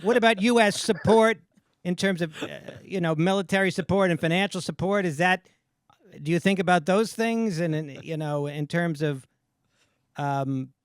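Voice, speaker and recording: High, smooth male voice asking questions. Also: fairly even intonation, moderate pace, dry recording, clean studio sound. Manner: searching, stop-start question. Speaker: interviewer. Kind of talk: casual interview.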